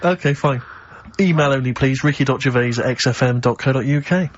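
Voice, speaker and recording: A man's voice: mid-range voice, brisk. A man co-hosting a radio show with dry, teasing remarks. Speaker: radio co-host. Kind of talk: casual radio banter. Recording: dull lo-fi radio broadcast.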